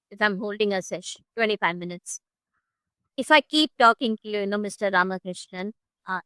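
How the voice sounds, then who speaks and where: A woman English tutor giving a one-on-one online lesson over a video call, talking expressively and demonstrating word stress and pauses. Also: mid-range voice, bright, forceful tone, clean tone, no echo, low-quality recording.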